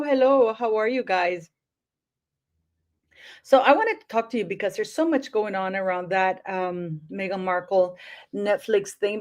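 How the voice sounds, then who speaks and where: Woman chatting on her livestream, kinda high voice, slow and unhurried, lots of ums. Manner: chatty, greets viewers by place, many fillers. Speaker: livestream host. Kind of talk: casual livestream chat.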